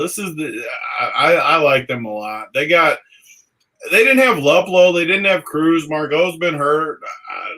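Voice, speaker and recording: An excitable man with a bright, sharp voice talks up his picks on a live betting show. He stammers and repeats himself as he builds his case. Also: mid-range voice. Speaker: sports betting analyst. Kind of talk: casual chat.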